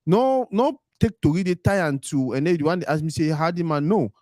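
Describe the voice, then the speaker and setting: A man's voice: a little high, brisk, a little mellow, no room sound, studio quality. A man hosting a casual interview, easygoing, switching between Pidgin and English. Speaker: host.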